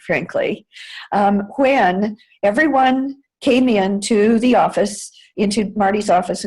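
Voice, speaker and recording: A woman's voice: medium pitch, darkish tone, slightly rough, rough recording. An older woman from the United States, telling a long story in an interview, with many fillers and self-corrections. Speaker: interview guest, former White House staffer. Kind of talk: conversational storytelling.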